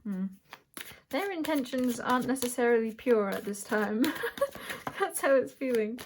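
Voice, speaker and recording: A woman doing a pick-a-pile tarot reading, speaking in a searching way, often correcting herself and thinking aloud with soft laughs. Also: fairly high pitch, measured pace, background noise. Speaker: tarot reader. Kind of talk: intuitive tarot reading to camera.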